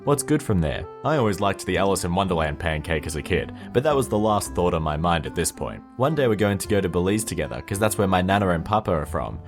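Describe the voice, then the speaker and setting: A man's voice: low-pitched, big pitch swings, fast, hardly any pauses, music in the background. A man reading out a text message in the voice of a bubbly, oversharing young woman who rambles on breathlessly. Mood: chirpy. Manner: gushing, rambling, breathless chatter.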